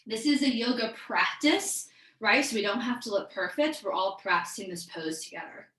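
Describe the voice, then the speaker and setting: Female yoga instructor, bright upbeat cueing, a little breathless, echoey room. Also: a little high, lively intonation, moderate pace. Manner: upbeat, encouraging, calls out breaths and poses. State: a bit out of breath. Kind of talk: live online yoga class cues.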